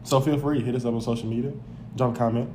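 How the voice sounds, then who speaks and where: A man co-hosts a joking wrestling podcast at a middling pitch. He chimes in with deadpan agreement and delivers mock-solemn plugs for the show. The room is echoey, with faint noise behind. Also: fast talker. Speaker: podcast co-host. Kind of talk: casual comedic wrestling recap.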